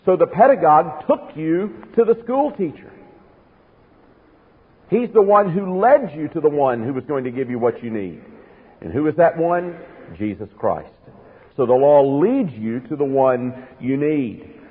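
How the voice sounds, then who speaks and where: A man's voice: a little high, animated, a little slow, slightly rough. Man preaching over a tinny, echoing broadcast. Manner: earnest, emphatic teaching with rhetorical questions. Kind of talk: sermon. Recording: phone-like radio broadcast in a reverberant hall.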